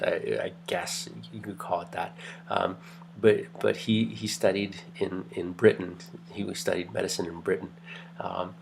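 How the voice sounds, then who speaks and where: Gravelly-voiced man lecturing casually. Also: sits low, a little hiss or hum. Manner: rambling, restarts, lots of fillers. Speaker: university lecturer. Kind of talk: casual classroom lecture with anecdotes.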